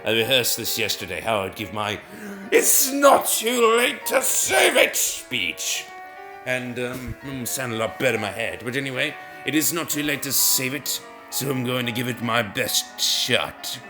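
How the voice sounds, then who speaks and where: A man's voice: mid-range voice, normal speed, over music. A man rambling through casual, self-mocking commentary while he plays brain-training games. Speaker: gaming video host.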